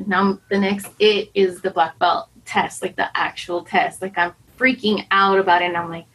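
A woman's voice: mid-range voice, fairly even intonation, normal speed, few pauses, fairly bright tone, breathy edge, poor audio. A woman talking candidly in an interview as a karate student, anxious and rambling, often restarting and quoting her own worried thoughts. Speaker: karate student preparing for black belt.

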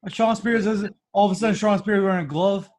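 A man's voice: sits high, fairly even intonation, brisk, a little mellow. A man in casual wrestling chat, jumping in with emphatic points.

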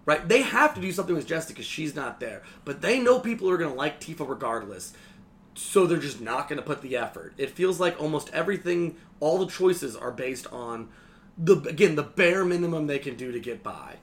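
A sarcastic young man co-hosts a casual game podcast and rants freely, swearing as he goes. His slightly high voice swings widely in pitch as he acts out bits of dialogue. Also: lively intonation, brisk, fairly bright tone. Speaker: podcast co-host. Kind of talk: casual game critique chat.

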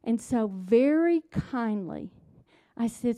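A middle-aged woman giving a devotional talk, telling a personal story that drops to hushed tones and builds to emphatic points. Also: on the high side, a little slow. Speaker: speaker.

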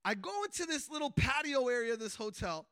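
Bright high-voiced man telling a story. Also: a little fast, smooth, dry recording. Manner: animated, chatty, many filler words, laughs often. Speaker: speaker sharing a faith testimony. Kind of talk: casual storytelling testimony.

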